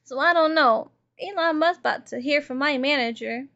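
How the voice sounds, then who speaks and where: High-voiced profane woman streamer. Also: moderate pace, pushed and bright, highs cut off. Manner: chatty, profane, greets chat by name. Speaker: livestreamer. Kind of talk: casual live-stream chat while gaming.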